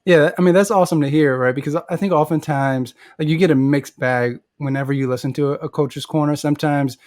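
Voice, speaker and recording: A man hosting an interview, talking in a relaxed, chatty way and asking questions. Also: on the high side, a little fast, dry recording. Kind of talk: casual interview.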